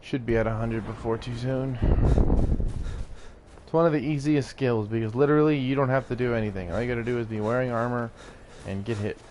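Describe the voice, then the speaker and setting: A man's voice: medium pitch, a little fast, noisy background. A man giving rambling, casual commentary while playing a video game, laughing often and swearing now and then. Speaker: gaming YouTuber.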